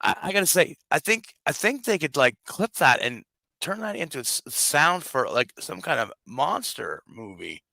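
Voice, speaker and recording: A man co-hosting a livestream, excitable and stammering, repeating his words. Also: fairly high pitch, normal speed, vocal fry, no echo. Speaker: livestream co-host. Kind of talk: casual livestream chat.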